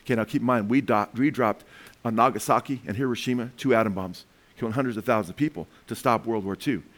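Middle-aged male preacher, mid-pitched, rambling delivery, many restarts. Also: fast. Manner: rambling, animated, frequent restarts. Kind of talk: sermon with commentary.

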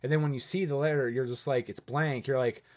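A man co-hosting a podcast, chatting casually about a movie and lively about it. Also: medium pitch, a little fast. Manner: lively, acts out quoted lines. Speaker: podcast co-host.

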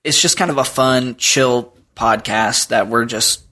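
A man's voice: mid-range voice, unhurried, sharp tone. A man chatting casually as a podcast guest, rambling with lots of fillers and restarts. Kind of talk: casual chat.

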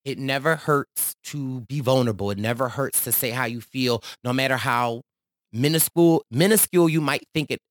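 A man's voice: medium pitch, normal speed, hardly any pauses, fairly bright tone, dry recording. Playful man hosting a podcast, dry sound. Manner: playful, chatty, calls himself your baby boy. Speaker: podcast host. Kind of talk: casual monologue.

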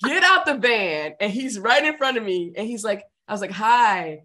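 A woman's voice: fairly high pitch, fairly quick. A woman in her thirties, co-hosting a podcast in casual chat, telling stories with lots of laughter and energy. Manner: animated storyteller, laughs often. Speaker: podcast co-host.

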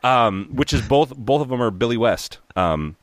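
Speaking at normal speed in a mid-range voice, this animated man in his thirties rambles through casual chat full of fillers, swearing and restarts, dropping into impressions. He's a dungeon master appearing as a podcast guest or co-host, on a dry recording.

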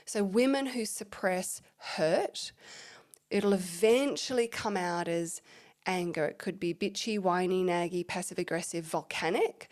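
A woman who leads intimacy workshops, talking expressively in a podcast conversation and often dropping to soft, breathy tones. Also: on the low side.

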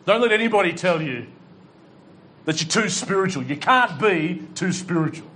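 A man's voice: sits high, lively intonation, moderate pace, bright, forceful tone, a little hiss or hum. A male pastor preaching a sermon to a congregation, fervent and exhorting, with dry humorous asides. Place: church hall with congregation.

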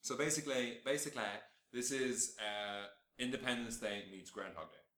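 A man hosting a casual film review chat, swearing freely and acting out scenes in lively bursts. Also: mid-range voice, normal speed, echoey room, a little hiss or hum. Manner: animated, profane, acts out scenes in bursts. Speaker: film podcast host.

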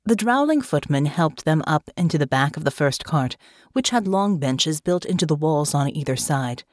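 A woman's voice: low-pitched, expressive, moderate pace, a little mellow, dry recording, studio quality. A woman reading a fantasy novel aloud as audiobook narrator. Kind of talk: scripted narration.

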